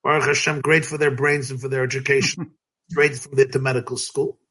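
A rabbi being interviewed, telling stories in a lively, emphatic way, sometimes breaking into shouts, with light laughs between phrases. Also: male voice, mid-range voice, brisk, slightly rough. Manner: lively, emphatic, bursts into shouting and chanted cries. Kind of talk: animated storytelling in an interview.

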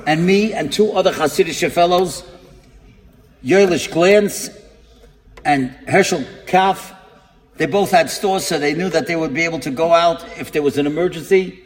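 A man telling a story in a sermon to an audience, delivering it dramatically, acting out the quotes and building to emphatic peaks. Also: a little high. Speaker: preacher. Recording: long hall reverb.

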